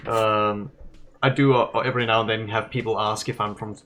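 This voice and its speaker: A man's voice: on the low side, flat delivery, brisk, sharp tone, slight background noise. A man from Denmark, a native Danish speaker, co-hosting a game stream in an easygoing, chuckling way. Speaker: stream co-host. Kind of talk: casual gameplay stream chat.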